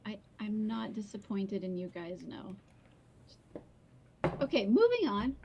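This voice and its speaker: A young woman talks to her live chat in a relaxed, chatty way and laughs easily as she goes. Her voice sits at an ordinary middle pitch, and a faint hiss runs under the stream audio. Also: a little slow, vocal fry, dull audio. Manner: chatty, laughs often, answers chat comments. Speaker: streamer and book reader. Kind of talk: casual livestream chat.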